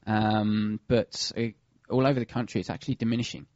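A man's voice: on the low side, little pitch movement, brisk, darkish tone, no echo, lo-fi sound. A man who works as a bird of prey pest controller, talking casually and hesitantly with many fillers and restarts. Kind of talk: casual radio chat.

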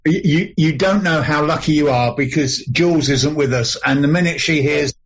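A man's voice: fairly high pitch, moderate pace, husky. A man hosting a show and interviewing a guest in a chatty, jokey way. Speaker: show host. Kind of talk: casual interview chat. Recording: dull lo-fi audio.

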